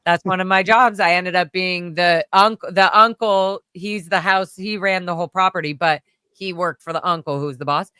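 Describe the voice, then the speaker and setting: Storyteller woman from California, chatty and rambling, smooth voice, dry sound. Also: lowish voice, moderate pace, dry recording. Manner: rambling, animated, full of fillers, acts out voices. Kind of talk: casual chat, storytelling.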